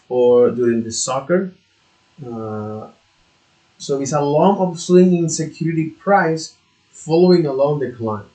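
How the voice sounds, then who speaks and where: A man who is not a native English speaker, studying out loud on his own, halting and repeating words, now and then swearing in frustration. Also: mid-range voice. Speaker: self-taught learner. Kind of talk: thinking aloud while studying. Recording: echoey room.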